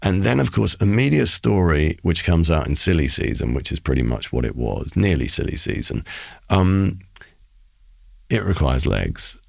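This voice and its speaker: Middle-aged male poet, studio interview guest, deep gravelly voice, dry close mic, animated theatrical storyteller. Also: normal speed, no echo. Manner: animated storyteller with theatrical flair, acting out voices, frequent restarts. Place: recording studio.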